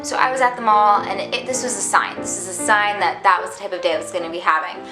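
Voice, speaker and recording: A woman's voice: mid-range voice, steady tone, fast talker. A young adult woman telling a casual storytime vlog in a dramatic, chatty way, full of "like". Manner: dramatic, chatty, heavy use of "like". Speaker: vlogger. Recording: echoey room with background music.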